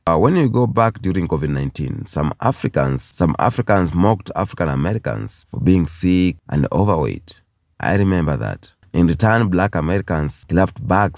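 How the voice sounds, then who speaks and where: A man's voice: low-pitched, a little mellow, no echo, clean studio sound. A man from Kenya, giving an impassioned video commentary and repeating phrases for emphasis. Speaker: YouTube commentator.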